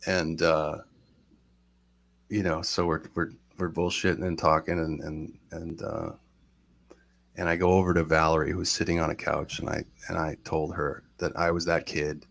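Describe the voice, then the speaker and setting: A man with a very low, gravelly voice recounts a personal story in a loose, rambling way. He keeps stopping to act out what other people said, and his sentences pile up with false starts as he goes. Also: moderate pace. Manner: rambling, animated retelling with quoted voices. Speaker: guest storyteller. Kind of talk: casual storytelling on a live show.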